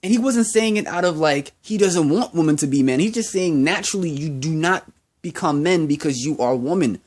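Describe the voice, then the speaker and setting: A man's voice: on the high side, a little fast, darkish tone. Profane ranting young man. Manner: profane, heated, repeats himself. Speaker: vlogger. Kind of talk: ranting monologue.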